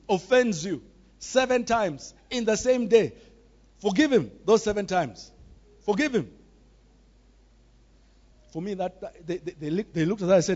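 A man's voice: high voice, darkish tone, dull audio. A man preaching a sermon, emphatic and repetitive, acting out voices as he tells stories.

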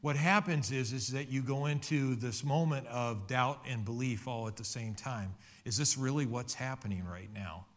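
A man's voice: mid-range voice, normal speed, few pauses. A middle-aged man preaching a sermon, telling a personal testimony in an earnest, conversational way with many restarts. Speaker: pastor.

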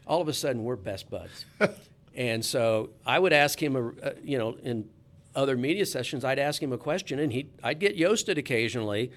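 A man's voice: mid-range voice, expressive, normal speed. A man, a sports reporter, telling a casual anecdote in a chatty, easygoing way with frequent restarts.

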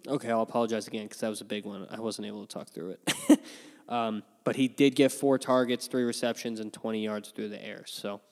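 A man hosting a fantasy football show, giving casual, opinionated picks in an animated way, with frequent ums and yawns. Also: lowish voice, fairly quick, in a large hall. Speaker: fantasy football podcast host. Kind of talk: casual sports analysis chat.

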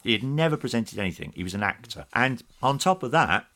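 A man's voice: mid-range voice, quick pace. A man guest in a casual interview, telling anecdotes in a chatty way and livening up when he quotes people. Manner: chatty storyteller, animated when quoting others. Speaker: podcast guest, former TV games presenter.

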